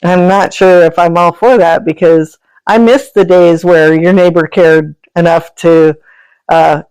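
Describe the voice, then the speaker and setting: A woman with a fairly low, clear, resonant and slightly mellow voice speaks at a measured pace with fairly even intonation. She's an energy healer and animal sanctuary founder, telling animal stories as a chatty, rambling podcast guest who laughs often. There's no room sound, though the recording is rough.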